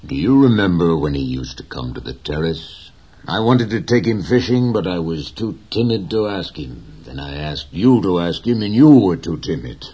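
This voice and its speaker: A man's voice: sits low, big pitch swings, moderate pace, mellow, husky, exaggerated voice. A man voicing an earnest, caring young fisher boy in an audiobook reading, coaxing and eager.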